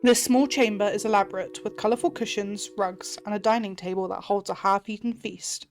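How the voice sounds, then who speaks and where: A woman's voice: medium pitch, fairly even intonation, brisk, darkish tone. A woman streamer reading a game's text aloud and puzzling through it in a chatty, playful way. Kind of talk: reading game text aloud and thinking out loud.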